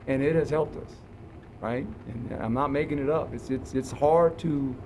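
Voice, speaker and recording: A man's voice: mid-range voice, moderate pace, noisy background. An older man, a head football coach, answering reporters after practice in an earnest way, often repeating words as he starts a sentence. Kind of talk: post-practice press conference.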